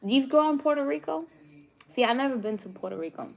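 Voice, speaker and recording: A woman's voice: high voice, animated, creaky, a little mellow. A young woman with a New York accent, chatting casually with live viewers as a cooking vlogger, laughing often. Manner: laughs often, chatty, drawn-out slow speech.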